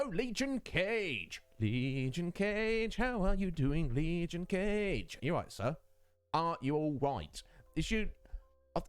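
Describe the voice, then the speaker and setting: A man's voice: mid-range voice, dry recording. A man hosting his own stream, chatting casually with viewers, greeting them by name and laughing often. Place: home streaming setup.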